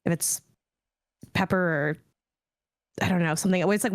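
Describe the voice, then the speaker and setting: Quick, self-mocking woman guest with a dry close sound. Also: lowish voice, dry recording. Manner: quick, self-deprecating, rambling. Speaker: podcast panelist. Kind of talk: casual panel chat.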